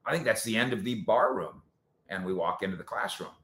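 In a roomy, echoing recording, a sports talk show host with a fairly low voice answers viewer comments fairly quickly. His delivery is animated and sarcastic, shifting from loud points to quiet asides.

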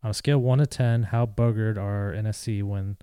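A man's voice: fairly low pitch, fairly even intonation, brisk, mellow, smooth, no room sound, studio quality. A man co-hosting a casual podcast, laid-back and terse, swearing casually. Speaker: podcast co-host. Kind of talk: casual chat.

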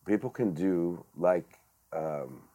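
A man's voice: sits low, slow, mellow, dull audio. A man, a director and actor, talking earnestly in a casual podcast chat, with frequent restarts and fillers. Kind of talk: casual conversation.

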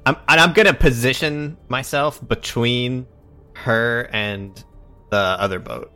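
A man's voice: mid-range voice, slow pace, sharp tone, faint music behind. A man playing a tabletop game, speaking hesitantly with many restarts. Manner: hesitant, stammering, full of restarts. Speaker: player. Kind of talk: tabletop role-play.

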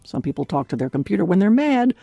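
A woman giving a devotional talk in an earnest, clearly enunciated way, laughing often. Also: mid-range voice, big pitch swings, quick pace, warm tone, dry recording, lo-fi sound, soft background music. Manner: clear, carefully enunciated delivery. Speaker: devotional speaker.

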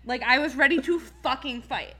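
High, bright-voiced woman ranting. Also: normal speed. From Philadelphia. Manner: profane, heated ranting with many fillers. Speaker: podcast host. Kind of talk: casual chat.

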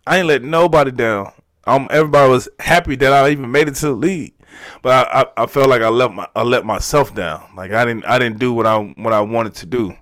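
A man's voice: mid-range voice, a bit bright, dry recording. A man, telling a personal story in a candid, emotional way, often restarting his words. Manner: emotional, halting, repeats words. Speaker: podcast guest.

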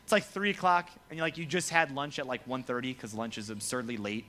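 A man's voice: medium pitch, fast. A young man preaching a casual, joking sermon to students as their pastor, acting out quotes along the way. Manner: lively, joking, acts out quoted voices. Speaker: youth pastor.

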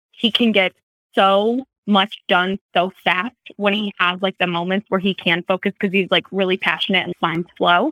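A woman's voice: mid-range voice, a bit bright, no room sound, poor audio. A woman hosting a casual interview, asking thoughtful, reflective questions. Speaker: host.

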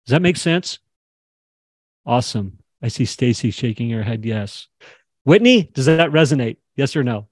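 A man's voice: medium pitch, sing-song, moderate pace, no room sound, clean studio sound. Impassioned man coaching a class. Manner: impassioned, acts out dialogue. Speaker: podcast host and coach. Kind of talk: animated teaching session on a video call.

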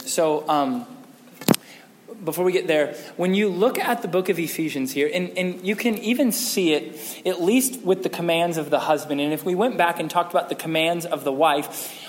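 A man preaching a sermon, telling a story with lively animation and acting out the scenes. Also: a little high, in a large hall, slight background noise. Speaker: pastor.

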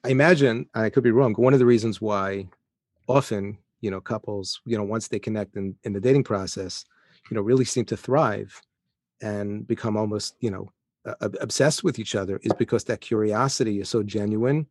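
A man interviewing a guest, reflecting thoughtfully and tentatively, with many pauses and fillers. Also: on the low side, a little mellow, breathy edge, no echo, studio quality. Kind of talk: conversational interview.

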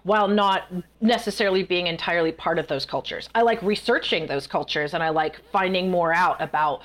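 A woman guest author in a casual interview, telling stories in a chatty, animated way. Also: lowish voice, a little fast. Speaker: guest author and festival performer.

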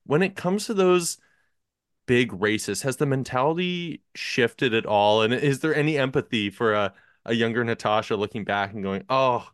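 A man's voice: medium pitch, lively intonation, moderate pace, no echo, clean studio sound. A man hosting a podcast, asking long, thoughtful questions in a conversational way. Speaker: podcast host.

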